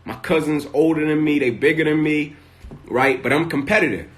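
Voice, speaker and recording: A man's voice: a little high, fairly even intonation, normal speed, fairly bright tone. A man, a motivational speaker, telling a personal story on a live stream from his phone, tagging almost every sentence with "right?" and building in intensity as he goes.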